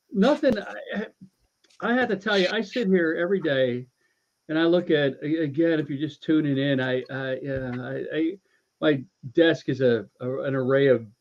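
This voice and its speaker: A man co-hosting a casual talk show, ranting with lots of stammering restarts, swearing and sarcasm. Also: on the high side. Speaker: podcast co-host. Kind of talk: casual political rant. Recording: dull lo-fi audio.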